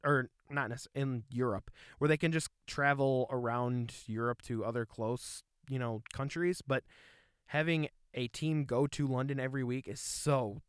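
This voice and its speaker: A man's voice: mid-range voice, steady tone, normal speed, clean tone, no echo, clean studio sound. A man co-hosting a casual sports podcast, recapping scores and results and self-censoring his swearing. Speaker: podcast co-host.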